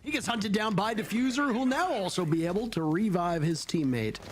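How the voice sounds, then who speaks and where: A man calling esports play-by-play, excitable and rising at big plays. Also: sits high, normal speed, background noise. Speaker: play-by-play caster.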